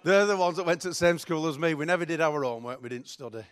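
A man's voice: fairly high pitch, quick pace, clean tone. A middle-aged man preaching a sermon in a chatty, joking, self-mocking way. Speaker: pastor.

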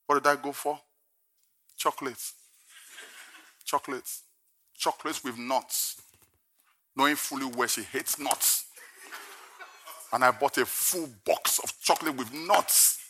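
A man's voice: mid-range voice, unhurried, pauses often, sharp tone, slight background noise. An older man preaching a sermon, telling a humorous personal story and then preaching emphatically from scripture. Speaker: pastor.

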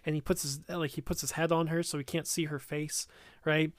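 Male podcast co-host, slightly high clear voice, dry close mic, animated explainer. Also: brisk, no echo. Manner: explains plot, acting out quoted lines. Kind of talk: casual movie discussion.

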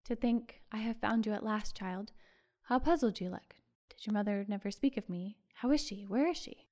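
A woman's voice: medium pitch, moderate pace, a little mellow, lightly acted. A woman reading the lines of a kind, emotional older man in a storybook, earnest and tender.

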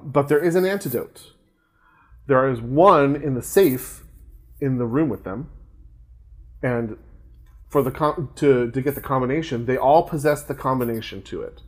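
A man's voice: medium pitch, husky. A man co-hosting a podcast, casually recapping a film plot with lots of fillers and restarts. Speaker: podcast co-host.

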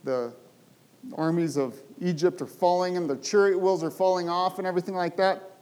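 High-voiced emphatic male preacher. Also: fairly even intonation, fairly quick, a little mellow, clear, resonant tone. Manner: emphatic storytelling with rhetorical questions. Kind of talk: sermon.

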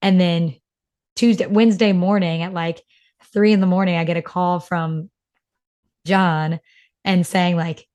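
A woman's voice: on the low side, steady tone, measured pace, pauses often, a little mellow, dull audio. A young woman from North Carolina, co-hosting a podcast in casual, emotional chat, full of "like" fillers. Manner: chatty, emotional storyteller, many "like" fillers. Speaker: podcast co-host.

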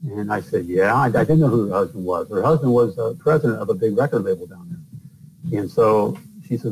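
Gravelly rambling middle-aged man. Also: on the low side, a little fast, darkish tone, a little hiss or hum, poor audio. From northern US. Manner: rambling, many fillers. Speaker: plumber and podcast host. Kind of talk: casual storytelling interview.

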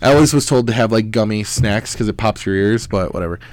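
A man's voice: on the low side, fast talker, no echo. A young man hosting a podcast, telling rambling, profane stories in casual chat. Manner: rambling, profane storytelling with lively quoted voices. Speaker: podcast host.

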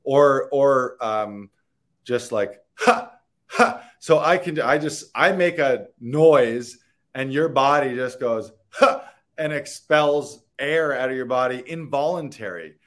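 A man's voice: mid-range voice, slow pace. A man, an actor, talking in a rambling, earnest and playful way in a casual interview, laughing and swearing now and then. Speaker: actor guest.

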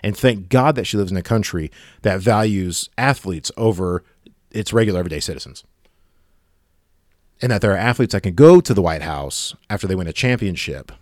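Sarcastic man ranting, lively voice. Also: deep voice, brisk, dry recording, studio quality. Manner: sarcastic, exasperated. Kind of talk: ranting monologue.

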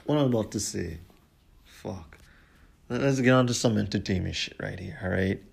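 A man's voice: lowish voice, moderate pace, vocal fry, breathy edge. A man hosting his own podcast, talking casually in a profane, slangy way and often repeating "you know what I'm saying". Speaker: podcast host. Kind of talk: casual solo podcast talk.

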